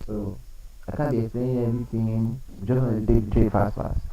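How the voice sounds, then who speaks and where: A man's voice: medium pitch, fairly even intonation, fairly quick, warm tone, distant mic, a little hiss or hum, poor audio. A man running a live trading lesson, explaining chart setups, repeating key points and quizzing his viewers. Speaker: trading coach.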